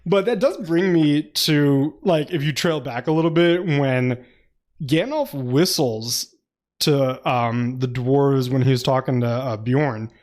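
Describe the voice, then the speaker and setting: A man's voice: medium pitch, darkish tone. A man co-hosting a casual book club podcast, laughing often, swearing freely, and acting out quotes from the book. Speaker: podcast co-host.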